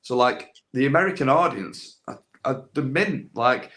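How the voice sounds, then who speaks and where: A man's voice: mid-range voice, animated, moderate pace, fairly bright tone. A young man chatting casually as a podcast guest, rambling with lots of fillers and restarts. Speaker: guest, landscaping business owner with a social media following. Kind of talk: casual chat.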